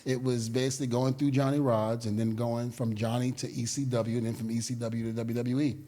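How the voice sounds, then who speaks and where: A middle-aged man, a guest in an interview, telling animated stories in a casual way and laughing often as he goes. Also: medium pitch, fairly quick.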